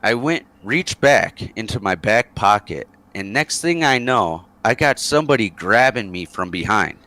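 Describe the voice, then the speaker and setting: Lively low-voiced man telling a story. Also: normal speed. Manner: rambling, lively, chuckling, many fillers. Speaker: interview guest, former soldier. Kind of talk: casual storytelling.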